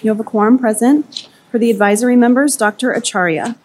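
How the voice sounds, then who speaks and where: A woman clerk calling the roll at a board meeting, reading names and titles briskly and evenly. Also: on the high side, darkish tone, slight background noise. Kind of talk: formal roll call.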